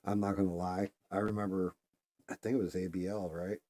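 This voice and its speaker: A man with a low, mellow voice chats casually while he works on a painting. He rambles, swears freely and often trails off into quiet mutters. The sound is dry and close. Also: level tone, fairly quick, dry recording. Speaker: streamer painting a figure. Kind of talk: casual chat while working.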